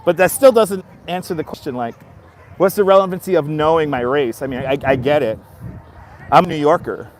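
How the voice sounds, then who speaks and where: Fairly high-pitched and fairly quick, a fifty-something streamer from Brooklyn, New York talks frankly with his live-stream audience, replying to their comments. He's outdoors in a busy seaside city area, with slight background noise, and his Brooklyn accent comes through.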